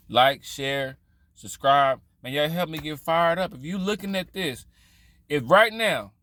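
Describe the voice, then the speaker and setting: A man's voice: on the high side, bright, forceful tone, dry recording. A man vlogging in casual storytelling style, loose and profane, rambling with frequent restarts.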